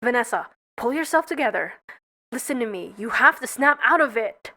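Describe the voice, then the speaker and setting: A woman voicing an earnest young male bee giving a rousing speech, in a high, lively voice. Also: moderate pace, full character voice. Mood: firm.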